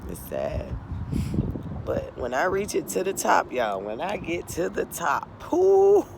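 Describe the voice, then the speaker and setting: A tearful middle-aged woman pours out an impassioned, profane testimony to her viewers, her gravelly voice swinging widely up and down. Steady vehicle noise hums clearly behind her. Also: low voice, measured pace. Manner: impassioned, profane, repeatedly addresses viewers as y'all. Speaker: vlogger.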